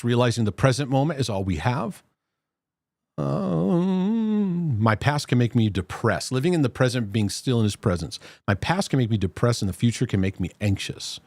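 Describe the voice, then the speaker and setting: Man, livestream host, casual chat, lively pitch, dry close mic. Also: no room sound. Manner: chatty, laughs easily, many fillers and restarts. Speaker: host of a Christian mental health livestream. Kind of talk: casual livestream chat, reading viewer comments.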